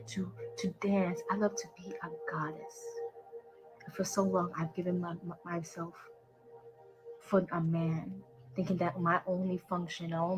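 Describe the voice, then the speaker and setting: A woman's voice: fairly low pitch, rough recording. A woman in a played social media clip, ranting in a boastful, profane and emotional way and affirming herself. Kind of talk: social media live rant.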